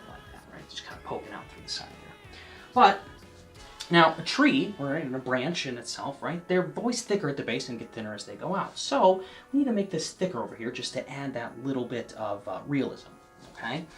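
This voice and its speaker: A man giving a casual painting lesson, chatting to the viewer and often checking in, sometimes dropping to a soft near-whisper as he works. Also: medium pitch, animated, fairly quick, faint music behind. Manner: drops to a soft near-whisper while working. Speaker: painting instructor.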